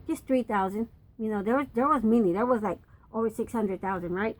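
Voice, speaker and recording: A woman's voice: a little high, moderate pace, poor audio. Chatty grandmother reading scripture. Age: older. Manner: chatty, folksy asides, reads scripture aloud. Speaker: grandmother teaching Bible lessons. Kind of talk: casual Bible reading and explanation.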